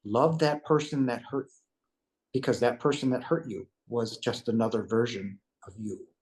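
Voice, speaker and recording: A man's voice: medium pitch, steady tone, moderate pace, a little mellow, low-quality recording. A man giving an earnest spiritual testimony as an interview guest, emphatic, repeating himself and asking "right?" as he goes.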